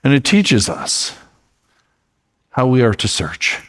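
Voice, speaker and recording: A man's voice: mid-range voice, big pitch swings, takes it slowly, fairly bright tone, big-room sound. A male pastor giving a sermon in a conversational, storytelling way, recorded in a church sanctuary.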